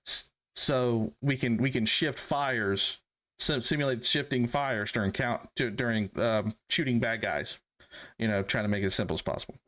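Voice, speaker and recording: A young adult man, an army veteran guest on a podcast, telling stories casually, with plenty of swearing and loud, high-pitched acted-out quotes. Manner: animated, profane, acts out quotes in loud high voices. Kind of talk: casual storytelling.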